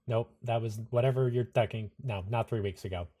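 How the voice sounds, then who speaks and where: Man player, tabletop role-play, sarcastic banter, mid pitch. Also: brisk, mellow.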